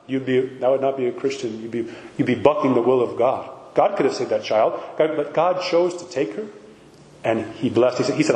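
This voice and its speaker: A man's voice: mid-range voice, fast talker, a little mellow. A man giving a conversational sermon as a priest, speaking emphatically and asking his listeners many rhetorical questions. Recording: echoey hall with faint background noise.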